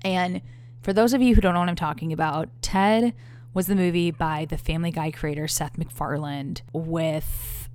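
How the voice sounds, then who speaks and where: A woman's voice: low-pitched, fairly even intonation, moderate pace, a little mellow, slight background noise. A woman in her thirties telling a story to her viewers in a candid, profane, exasperated way. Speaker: vlogger. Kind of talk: casual storytelling to camera.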